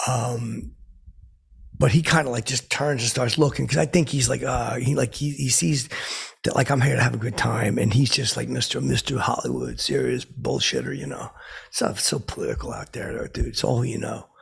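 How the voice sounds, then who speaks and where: Casting note: a man playing a washed-up DJ, very gravelly and raspy, rambling and oblivious. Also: medium pitch, moderate pace, heavily acted. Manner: rambling, self-interrupting, stammering repeats. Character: boastful washed-up male radio DJ, oblivious. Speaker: comedy podcast host playing a character. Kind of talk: rambling comic storytelling.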